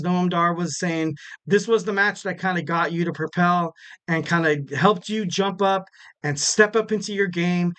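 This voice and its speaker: Smooth-voiced young man rambling casually. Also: high-pitched, fairly bright tone. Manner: loose and rambling, many fillers, jokey asides with laughs. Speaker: podcast host. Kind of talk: casual solo wrestling recap.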